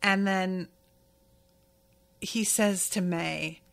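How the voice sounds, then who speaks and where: A woman hosts a podcast and recaps an episode in a relaxed, candid voice, with a tossed-off swear here and there. Her pitch sits in the middle of the range and she takes her time with each phrase. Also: drawn-out words, vocal fry. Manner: chatty, candid, swears casually. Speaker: podcast host.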